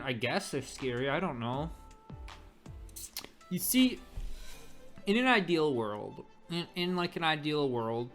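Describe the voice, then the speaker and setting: A teenage boy rambles through his thoughts on relationships, halting and restarting again and again, as a webtoon reader voices him. His voice sits at a middle pitch, with faint background music playing. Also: fairly bright tone, natural voice.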